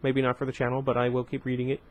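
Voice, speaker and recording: A man's voice: medium pitch, monotone, rapid-fire. Man casually reading a novel aloud. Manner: casual, with chatty asides and self-corrections. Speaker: book reader.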